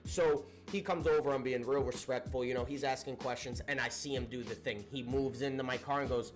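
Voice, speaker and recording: A young man casually telling a storytime tale, animated and profane, often breaking into laughter. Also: medium pitch, a little fast, music in the background. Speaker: storyteller vlogger.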